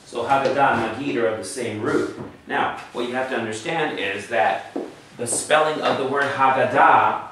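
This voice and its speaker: In a classroom lesson, a Hebrew teacher with a lowish, fairly bright voice walks his students through material patiently, step by step, checking in with them along the way. It's captured from a distance in an echoey room, with faint background noise.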